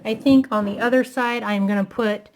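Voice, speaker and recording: A woman's voice: on the high side, steady tone, normal speed. A woman chatting casually through a craft tutorial, talking to herself as she works, self-deprecating and a little out of breath.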